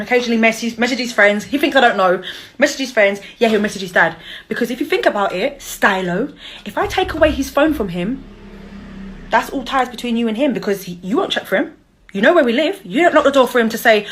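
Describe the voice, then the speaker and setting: A woman's voice: a little high, lively intonation, fast talker, fairly bright tone. A young woman ranting and cussing in an angry call-out vlog. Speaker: vlogger, mother.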